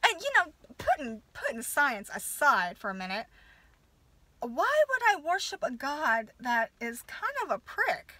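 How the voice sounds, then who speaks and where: High bright-voiced woman ranting, profane and halting. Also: very animated, dry recording, poor audio. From United States. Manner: profane, halting, many restarts. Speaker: nurse venting to camera. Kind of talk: angry personal rant.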